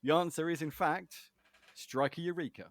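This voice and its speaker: A man's voice: on the high side, normal speed, no room sound, studio quality. A man hosting a casual podcast quiz, chatty and giggly, rambling with fillers. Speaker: podcast host, quizmaster.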